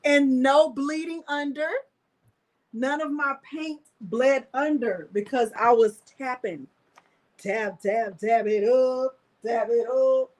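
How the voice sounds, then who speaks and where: Woman, high voice, slow easygoing delivery, live craft tutorial host, animated and chatty with viewers. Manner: animated and exclamatory, talks straight to viewers.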